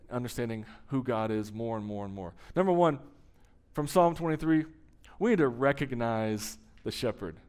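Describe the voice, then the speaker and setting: A pastor preaching a sermon, telling a story with emphasis and slowing down for dramatic pauses. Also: male voice, medium pitch, darkish tone, clear, resonant tone.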